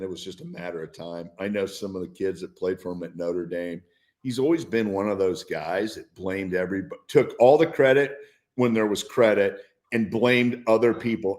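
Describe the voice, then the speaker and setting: A man in his sixties, a former football player, telling stories and giving blunt opinions as a guest in casual sports talk, chuckling often. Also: mid-range voice.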